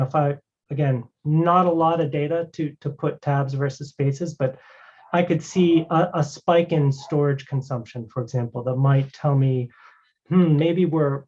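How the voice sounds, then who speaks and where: A man walking through a live technical demo as a guest presenter, talking casually and filling pauses with "you know" and "right". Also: a little high, darkish tone. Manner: conversational, many fillers like "you know" and "right". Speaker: guest presenter demoing a cloud product. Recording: dull lo-fi stream audio.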